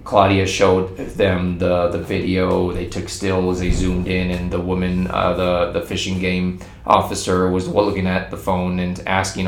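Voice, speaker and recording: A man with a low, gravelly voice tells a secondhand story in a loose, rambling way. He trips over his words and restarts often as he goes. The recording has a roomy echo with faint ambience behind it. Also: normal speed, a little hiss or hum. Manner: animated, rambling, frequent restarts.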